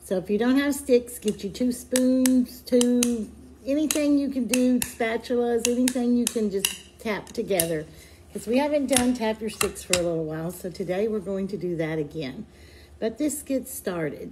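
A children's librarian leading a sing-along storytime for babies, slow, sing-song and encouraging as she sings nursery rhymes and reads. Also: fairly high pitch, animated, mellow.

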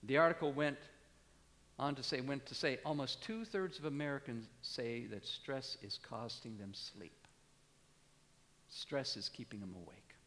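A pastor in his sixties preaching a sermon, animated, climbing to emphatic peaks and dropping low. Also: a little slow. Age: 60s. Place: church sanctuary. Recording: long church reverb.

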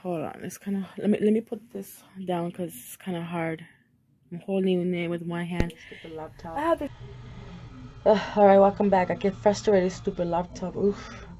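A woman vlogger talks casually as she crafts, quick to get frustrated and swearing often. Her voice is mellow and warm. Faint noise sits in the background. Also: on the low side, level tone. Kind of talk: casual craft vlog chat.

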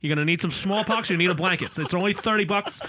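A man's voice: sits high, noisy background, close to an everyday voice. A man putting on an impression of an angry, profane man pushing listeners to pay, delivered in a hectoring rush. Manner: hectoring, rapid, swearing. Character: ranting, profane adult man pitching a paywall.

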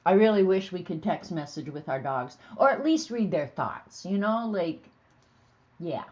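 A woman's voice: lowish voice, animated, unhurried, a little mellow, slightly rough, lo-fi sound. A woman hosting a casual livestream, chatting to viewers and laughing easily as she reads funny bits aloud. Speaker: host.

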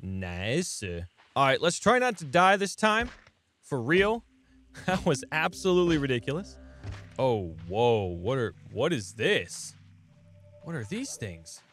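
A man's voice: medium pitch, slow pace, faint music behind. A young man commenting on a game as he plays it, talking to viewers and yelping and laughing at surprises. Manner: excitable, talks to viewers, yelps and laughs at surprises. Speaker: gaming channel host. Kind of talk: let's play commentary.

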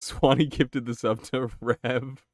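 A young man chatting casually on his game live stream, excitable, swearing and reacting to chat. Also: medium pitch, takes it slowly, no echo, clean studio sound.

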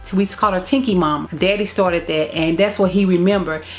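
A woman's voice: fairly low pitch, fairly even intonation, a little fast, a little mellow, faint music behind. A woman telling a personal family story to her vlog viewers in a candid, emotional way, often repeating phrases. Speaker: vlogger. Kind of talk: casual storytime to camera.

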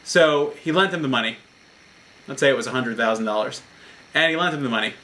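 Earnest male rabbi with a bright voice. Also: mid-range voice, animated, fairly quick. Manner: earnest, explanatory storytelling. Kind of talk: short Torah talk.

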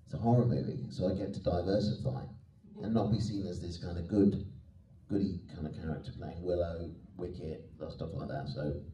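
Deep, dark-voiced man in an echoey hall. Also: moderate pace. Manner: chatty, self-deprecating, laughs often. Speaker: guest actor on a convention panel. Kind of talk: anecdotal panel Q&A. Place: convention hall. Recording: echoey hall, mic at a distance.

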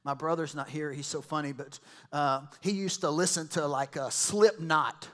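This pastor's sermon sounds like a conversation, full of asides and acted-out quotes from other people. His voice is a little high for a man and fairly bright, with a steady tone, normal speed, and a church setting.

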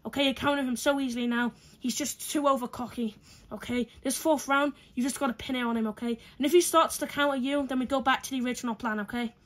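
A woman voicing a corner coach who gives a fighter quick, urgent instructions between rounds. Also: high-pitched, fairly even intonation, a bit bright, voice pushed down. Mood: urging. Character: corner coach giving a fighter pep talk.

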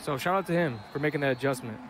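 A man with a Wisconsin accent giving casual, excitable commentary on a football video game match. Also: mid-range voice, rapid-fire, noisy background. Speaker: esports commentator.

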